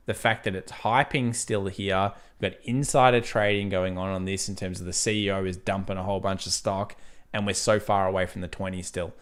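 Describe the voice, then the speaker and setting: A relaxed young Australian man hosts a live market stream, talking in a casual, chatty way and laughing easily. His voice sits a little on the low side, and his Australian accent is plain to hear. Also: clear, resonant tone. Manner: chatty, laid-back, laughs easily while reading chat. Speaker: trading livestream host.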